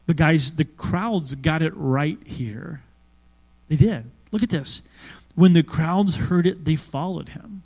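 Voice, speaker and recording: In a slightly high voice at a moderate pace, a male pastor delivers an animated, conversational sermon. Asides and questions to the congregation run all through it.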